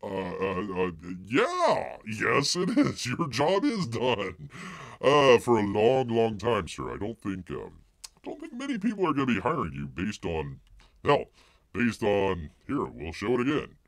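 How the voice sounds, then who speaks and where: A man's voice: fairly low pitch, wildly swooping pitch, a little slow, no room sound. A man hosting a live-stream news commentary, rambling and mocking, full of filler words, who speaks of himself in the third person. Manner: heavy filler words and restarts.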